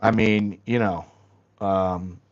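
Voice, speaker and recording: A man's voice: on the low side, steady tone, takes it slowly, muffled recording. A man hosting a casual livestream, telling rambling, blunt stories and swearing freely. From United States. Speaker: livestream host.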